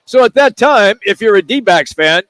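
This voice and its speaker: A man's voice: high voice, animated, normal speed, a bit bright. A man hosting sports radio live from a bar, upbeat and moving the show from segment to segment. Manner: upbeat, steers to the next segment. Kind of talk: casual sports talk.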